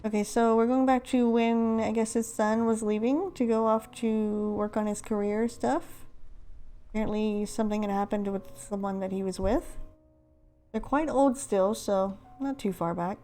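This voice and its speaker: Woman gamer, chatty and self-deprecating, mellow higher voice, casual running commentary. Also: steady tone, moderate pace, faint music behind. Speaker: let's-play host.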